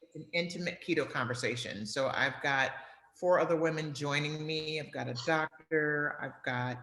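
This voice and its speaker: A woman's voice: sits low, moderate pace, a bit bright. A middle-aged woman, a guest talking over a video call, emphatic and repeating key phrases for effect. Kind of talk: casual video interview. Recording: roomy echoey sound.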